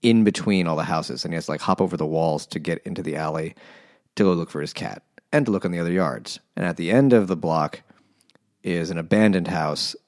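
Man, very low voice, casual book chat, dry jokes. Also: a little fast, darkish tone, no echo. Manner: wry, joking asides.

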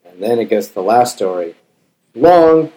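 A man's voice: mid-range voice, lively intonation, moderate pace, warm tone, poor audio. A man co-hosting a casual podcast, making dry, offhand wisecracks. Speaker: podcast co-host. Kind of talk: casual chat over beers.

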